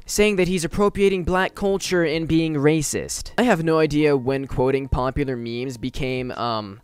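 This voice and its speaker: Smooth-voiced man ranting in slang. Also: fairly high pitch, no echo. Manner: slangy, exasperated, emphatic. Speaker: commentary YouTuber. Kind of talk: casual ranting commentary.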